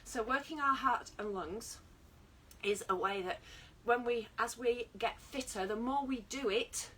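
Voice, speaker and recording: A woman's voice: on the high side, measured pace, fairly bright tone, distant mic, slight background noise. A British woman teaching an online exercise class, chatty and encouraging, joking at her own expense. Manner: chatty, encouraging, self-deprecating. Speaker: fitness instructor.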